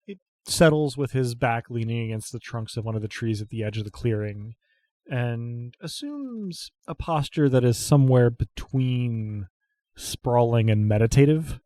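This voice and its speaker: A man narrating a tabletop role-playing game as game master, quietly voicing the characters in an unhurried way. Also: medium pitch, animated, no room sound.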